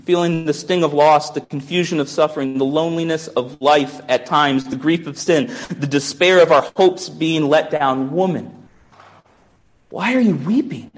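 A man's voice: on the high side, fairly even intonation, normal speed, hardly any pauses. A pastor preaching a sermon in a musing, conversational way, often restarting his sentences.

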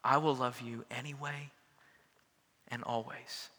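A man's voice: medium pitch, steady tone, measured pace, bright, forceful tone, big-room sound, slight background noise. A man voicing a loving father in a children's storybook, speaking tenderly and reassuringly to his daughter.

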